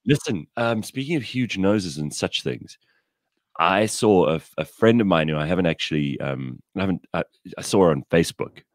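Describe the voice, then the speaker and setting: A man's voice: low-pitched, moderate pace, no room sound, clean studio sound. A man telling blunt, irreverent stories in a casual chat. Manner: animated storyteller, blunt and irreverent. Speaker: podcast co-host.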